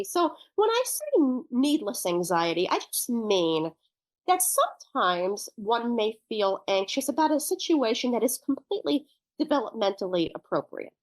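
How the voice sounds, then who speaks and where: A woman's voice: medium pitch, dry recording. A woman guest on a parenting podcast interview, explaining her work with parents in a thoughtful, loosely rambling way with restarts. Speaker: guest who works with parents.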